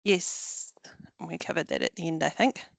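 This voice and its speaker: Gravelly, flat-voiced New lawyer. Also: medium pitch, dry recording. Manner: measured, many ums and restarts. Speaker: employment lawyer presenting. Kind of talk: webinar Q&A answers.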